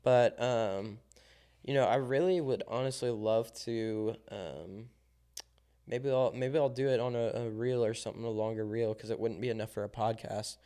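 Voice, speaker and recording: A young man from Southern Illinois, co-hosting a podcast in casual chat, telling a lively story full of ums and likes. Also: mid-range voice, moderate pace. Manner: animated storyteller, acts out quoted dialogue, many ums and likes. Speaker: podcast co-host.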